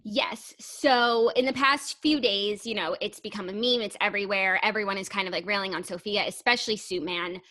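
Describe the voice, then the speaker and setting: A young woman co-hosting a pop culture podcast, chatting casually with lots of "like" and getting animated and emotional over gossip. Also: mid-range voice, a little fast, few pauses, no echo. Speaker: podcast co-host. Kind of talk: casual chat.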